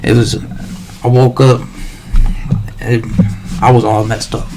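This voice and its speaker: A man's voice: mid-range voice, level tone, slow, noisy background. A man livestreaming a rambling, slangy monologue full of swearing and restarts.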